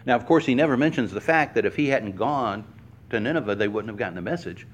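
A man preaching a sermon to a congregation, explaining word meanings slowly and stressing each word. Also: dull audio, slight background noise. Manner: animated, acts out quoted lines with pitch swings. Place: church hall before a congregation.

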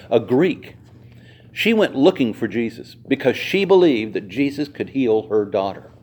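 A man's voice: mid-range voice, darkish tone. A male pastor reading scripture aloud and preaching to his congregation, acting out the quoted voices and speaking directly to the listeners. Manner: conversational, addressing the congregation directly.

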